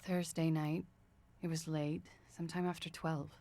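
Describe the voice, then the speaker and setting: A weary, evasive young witness. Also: female voice, deep voice, level tone, normal speed, dark tone. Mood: questioned. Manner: guarded, tired, pleading. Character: evasive, weary young woman under questioning. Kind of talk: video game voice acting.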